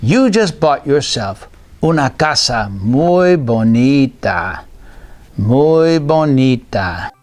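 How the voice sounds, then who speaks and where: A man voicing a calm, friendly grown man selling a house in a children's storybook tale, speaking in a slow, reassuring manner. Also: medium pitch, voice pushed down.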